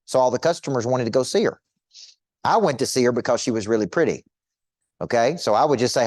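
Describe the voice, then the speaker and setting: A man's voice: mid-range voice, lively intonation, moderate pace, pauses often, a little mellow, no echo. Emphatic male coach, dry sound. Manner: emphatic, repetitive, asks the audience rhetorical questions. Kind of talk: motivational teaching talk.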